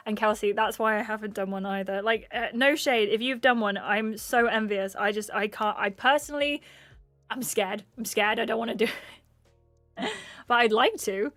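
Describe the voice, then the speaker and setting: Chatty English woman, high voice. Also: a bit bright, no room sound. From England. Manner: rambling, chatty, laughs often. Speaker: streamer reading chat. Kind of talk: casual livestream chat.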